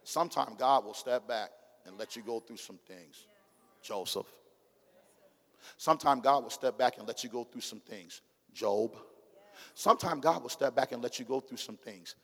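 A middle-aged male pastor with an African American Vernacular English accent, preaching a sermon with call-and-response and swinging from hushed to shouting. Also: mid-range voice, normal speed, pauses often. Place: church sanctuary. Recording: long hall reverb.

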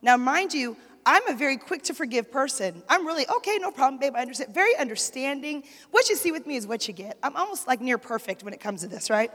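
A woman's voice: sits high, sing-song, fairly quick, few pauses, a bit bright. A woman preaching a sermon in a church, telling a story with lots of energy and calling out to the congregation for responses. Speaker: pastor's wife preaching. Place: church sanctuary. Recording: long hall reverb.

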